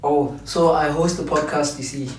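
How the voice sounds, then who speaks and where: A man's voice: on the high side, steady tone, normal speed, darkish tone. A man co-hosting a casual chat, rambling a little and unsure of details. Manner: hesitant, rambling. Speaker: co-host. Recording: roomy distant mic with faint noise.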